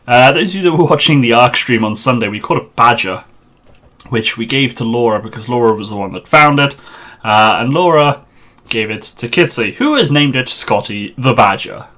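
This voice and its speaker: Chatting through a live game stream on a headset mic, a man speaks in a bright, forceful, expressive mid-range voice at normal speed. He mutters to himself while sorting out a server, talking half to viewers and half to the screen.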